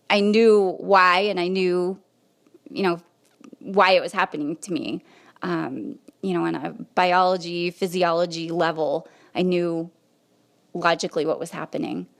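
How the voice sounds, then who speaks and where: A woman hosting a podcast, telling a personal story in a conversational, animated way. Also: on the low side. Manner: conversational, animated retelling with quoted asides. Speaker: podcast host.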